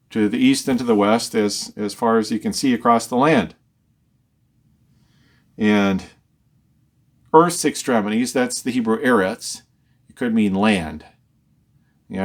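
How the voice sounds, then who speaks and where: A male Bible teacher who explains scripture verse by verse. He reads each verse with lifted emphasis, then explains it in a conversational tone, often repeating words as he thinks aloud. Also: medium pitch.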